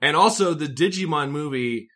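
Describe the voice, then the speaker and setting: Excitable nerdy dude on a podcast, bright voice, goofy tangents. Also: male voice, on the high side, normal speed. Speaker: podcast co-host. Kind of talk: casual chat.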